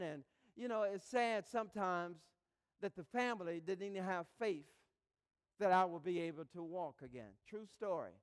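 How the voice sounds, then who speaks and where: A man giving a live motivational speech, telling his story with passion, swinging from hushed to shouting. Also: sits high, clean tone, in a large hall. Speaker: motivational speaker. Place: live event hall, in front of an audience.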